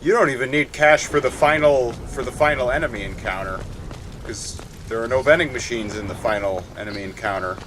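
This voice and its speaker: A man hosts a let's play, chatting casually as he plays. He rambles, corrects himself and stays wry, at an ordinary mid pitch. The audio carries noticeable game noise. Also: brisk, a bit bright. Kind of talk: casual gameplay commentary.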